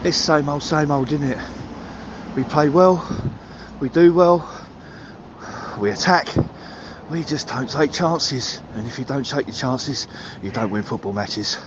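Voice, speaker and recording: A man's voice: measured pace, lo-fi sound, background noise. Swearing man ranting on voicemail. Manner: heated, swearing, builds to shouting pitch. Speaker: caller leaving a voicemail. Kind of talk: angry football fan rant.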